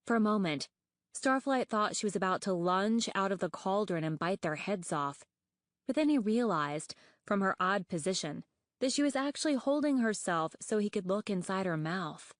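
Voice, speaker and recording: A woman narrating an audiobook in a measured, expressive reading voice. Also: mid-range voice, no room sound, clean studio sound. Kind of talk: scripted narration.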